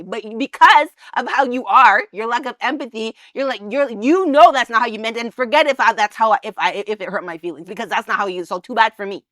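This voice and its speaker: A woman's voice: on the high side, fairly quick, sharp tone, dry recording, studio quality. A woman co-hosting a couples podcast in casual chat, pressing her point and restarting her sentences often. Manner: insistent, explains with many restarts. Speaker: podcast co-host.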